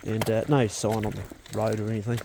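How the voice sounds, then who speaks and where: A man's voice: lowish voice, little pitch movement, brisk, creaky, background noise. A man giving casual, chatty vlog commentary outdoors and in a truck, talking to his dogs as he goes. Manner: laid-back, chatty, talks to his dogs. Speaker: vlogger.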